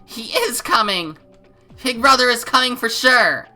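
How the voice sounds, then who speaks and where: A woman's voice: on the low side, expressive, moderate pace, pushed and bright, faint music behind. A woman voicing a frightened, devoted little girl in a game reading, timid and pleading. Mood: desperate. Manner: timid, pleading, calling for her brother.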